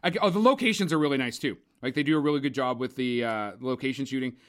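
A man's voice: mid-range voice, quick pace. A young man co-hosting a podcast, giving a casual, opinionated and profane movie review full of rambling asides. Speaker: podcast co-host, film reviewer.

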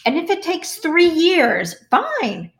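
A woman's voice: extremely high pitch, huge pitch swings, takes it slowly. A middle-aged woman, a podcast guest, speaking earnestly and with emotion about her personal struggles. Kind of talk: candid conversational interview.

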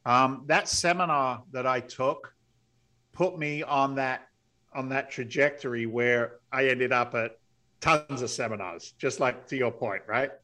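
A middle-aged man, a podcast guest, telling stories in a blunt, salty, animated way. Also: mid-range voice, a little slow. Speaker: podcast guest, real estate investor. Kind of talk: storytelling interview.

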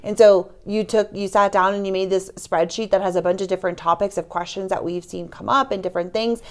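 A woman's voice: medium pitch, steady tone, a little fast. A woman co-hosting a podcast in casual chat, upbeat and conversational. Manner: upbeat and conversational, teasing her partner. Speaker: podcast co-host.

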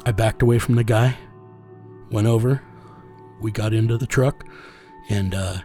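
Gravelly man telling a blunt story. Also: fairly low pitch, steady tone, normal speed, dark tone, soft background music. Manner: blunt, profane, quotes himself often. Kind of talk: casual storytelling.

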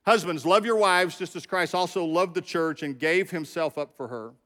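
A middle-aged man acting as pastor delivers a sermon, chatting directly with the congregation. The voice is fairly high and a bit bright, at a normal pace, with a big-room sound.

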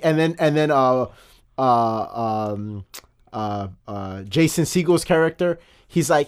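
A man's voice: mid-range voice, lively intonation, clear, resonant tone. Male podcast co-host telling stories. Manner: storytelling, halting with many fillers. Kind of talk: casual chat.

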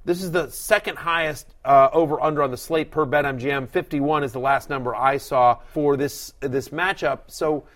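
A middle-aged man with a fairly high voice hosts a fantasy football talk show. He speaks with emphatic energy, builds his points forcefully, and slips into mock voices to act out what others would say. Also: normal speed, hardly any pauses. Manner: animated, emphatic, acts out quoted voices. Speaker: fantasy football analyst host. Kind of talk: casual sports talk.

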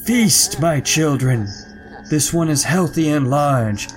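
A man's voice: fairly high pitch, lively intonation, takes it slowly, faint music behind. A man voicing a sinister old male warlock who is disguised as a harmless old man, in a creepy, gloating tone.

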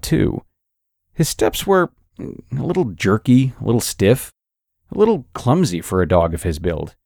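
A man reads a scary story aloud in a measured, suspenseful way. His voice sits low with a gravelly texture and moves through a lively pitch range. The recording is dry and close. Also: dry recording. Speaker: narrator. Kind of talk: scripted horror story narration.

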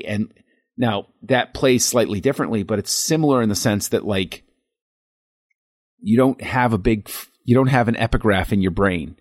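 A man co-hosting a podcast, talking through a film scene in a reflective, halting way with frequent restarts. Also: on the low side, no echo, studio quality. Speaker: podcast co-host. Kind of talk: casual film discussion.

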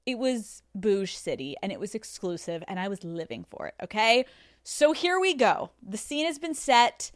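A woman in her thirties hosting a podcast, telling a story on her own in a lively, cursing way and acting out what people said. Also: medium pitch, normal speed, no room sound, studio quality. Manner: animated, swearing, acting out quotes. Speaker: podcast host. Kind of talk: solo storytelling to listeners. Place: studio.

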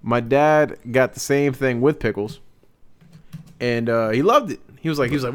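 Smooth-voiced young man telling a story. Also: mid-range voice, moderate pace, no echo. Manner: animated storyteller acting out quotes. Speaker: podcast co-host. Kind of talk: casual storytelling chat.

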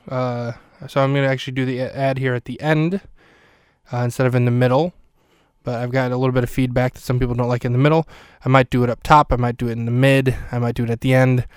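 A man's voice: medium pitch, smooth, no echo, studio quality. A man hosting a podcast, recapping an episode in a chatty, wry way with lots of fillers and restarts. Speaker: podcast host. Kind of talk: casual solo recap commentary.

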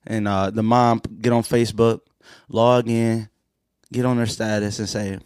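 A man in casual comedic chat, animated, acting out quoted voices and laughing often. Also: on the low side, measured pace, smooth, no echo, clean studio sound.

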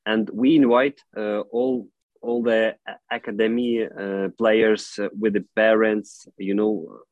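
A man, an English speaker, answering interview questions in an earnest, halting way with frequent "you know" fillers. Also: on the low side, level tone, no echo, narrow, tinny audio. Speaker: football club director, guest.

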